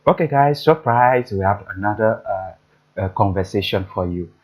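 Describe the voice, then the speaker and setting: Husky guy doing a french pronunciation lesson, repeats words over and over. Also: fairly low pitch, lively intonation, a little mellow, poor audio. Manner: repeats words slowly for drilling. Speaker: French teacher.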